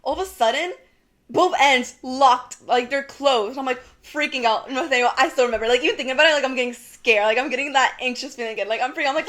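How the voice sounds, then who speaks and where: A young woman co-hosting a casual chat podcast, an animated storyteller who acts out her own panicked shouts and fills her talk with "like" and "girl". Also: sits high, fast talker. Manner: swears casually, says "like" and "girl" often. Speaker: podcast co-host.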